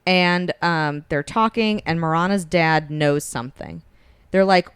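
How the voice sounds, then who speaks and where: Low, smooth-voiced woman retelling a story. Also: dry recording. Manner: acts out characters' lines with shifts in pitch, quick asides. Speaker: podcast co-host retelling a book. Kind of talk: casual chat, animated retelling.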